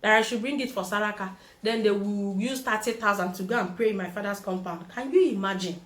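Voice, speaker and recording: A woman's voice: mid-range voice, a little fast. A young Nigerian woman with a Nigerian accent, telling a personal story in a vlog and acting out the people she quotes. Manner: animated, acts out quoted voices. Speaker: vlogger.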